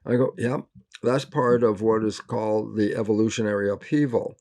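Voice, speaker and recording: A man's voice: on the low side, moderate pace, darkish tone. An older man, a biologist guest in an interview, talking earnestly and emphatically and acting out little quoted exchanges as he goes. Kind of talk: animated interview talk.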